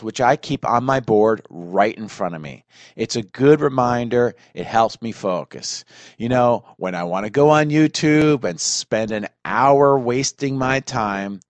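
A man's voice: medium pitch, lively intonation, a little slow, no echo. A man who works as a leadership coach, giving earnest, direct advice on goal setting. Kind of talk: advice segment.

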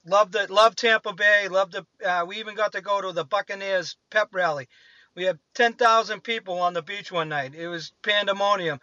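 A Boston-accented man in his fifties calls in to a radio show and chats in a friendly, rambling way. His voice sits high, bright and forceful, with no echo, though the audio is dull.

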